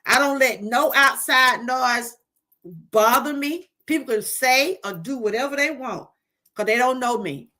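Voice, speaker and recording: A woman's voice: high-pitched, a little slow, sharp tone. A middle-aged woman from Georgia, hosting a casual livestream and giving a heartfelt testimony straight to her viewers. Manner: heartfelt, talks straight to viewers, reads out chat. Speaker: livestream host.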